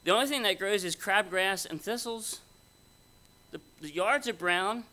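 Casting: male preacher, somewhat high, bright voice, folksy and conversational. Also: expressive, unhurried. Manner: conversational, folksy, asks the audience questions. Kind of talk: sermon. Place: conference hall before an audience.

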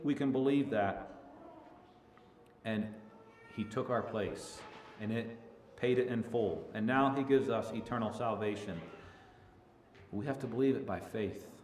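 A male preacher giving a sermon who swells from hushed to loud and stretches key words. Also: mid-range voice, a little hiss or hum. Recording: echoey room with faint ambience.

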